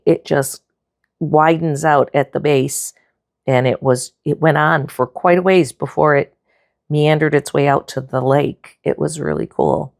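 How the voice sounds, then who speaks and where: A woman giving a relaxed, chatty tour of her art sketchbook, with frequent fillers and self-corrections. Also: deep voice, creaky, no room sound, studio quality. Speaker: art vlogger.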